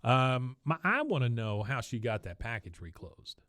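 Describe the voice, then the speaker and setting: A man co-hosting a casual podcast recaps an episode scene by scene. He tells it briskly and chuckles often. His voice sits at a middle pitch, and the room is dry and close. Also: no room sound. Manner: lively retelling, chuckling often. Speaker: podcast co-host.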